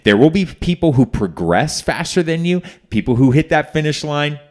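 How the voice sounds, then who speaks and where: A man hosting a podcast, telling a personal story in an emphatic, animated way and acting out the people he quotes. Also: on the high side, normal speed. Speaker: podcast host. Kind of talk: conversational storytelling.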